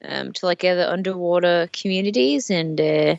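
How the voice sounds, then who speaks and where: A woman's voice: fairly low pitch, moderate pace, creaky, hardly any pauses. A woman playing a character in a tabletop game, rambling with many fillers and casual swearing. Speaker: player. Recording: dull lo-fi mic with faint noise.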